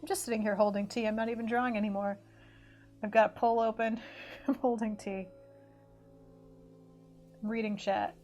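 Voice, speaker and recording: A woman's voice: on the high side, little pitch movement, normal speed, long pauses, darkish tone. A woman chatting casually on a livestream, rambling and correcting herself, slipping into mock race commentary. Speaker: streamer. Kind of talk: casual livestream chat while drawing. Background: faint music.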